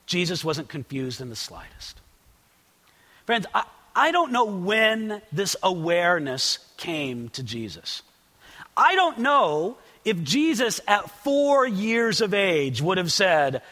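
High, lively male preacher, bright tone, acts out quotes, swings loud to hushed, echoing hall. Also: moderate pace. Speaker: pastor. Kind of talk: expository sermon.

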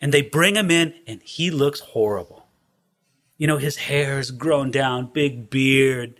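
A man preaches in an animated, storytelling style and acts out the scenes as he reads. His voice sits high and sounds bright and forceful. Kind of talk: expository sermon.

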